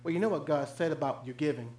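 Male pastor, high voice, dynamic sermon delivery from hushed to loud, echoey room. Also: fast. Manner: swings from loud high preaching to low hushed tones.

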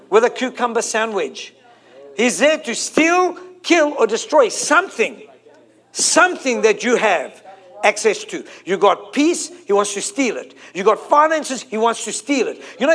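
High-voiced preacher, emphatic. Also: male voice, a bit bright. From South Africa. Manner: emphatic, repeating phrases and drawing out key words. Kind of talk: sermon.

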